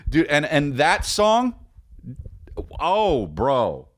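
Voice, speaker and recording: A man's voice: mid-range voice, huge pitch swings, drawn-out words, long pauses, no echo, clean studio sound. A man in his forties hosting a casual comedy podcast, rambling and joking and now and then breaking into off-key singing. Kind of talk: casual solo podcast chat.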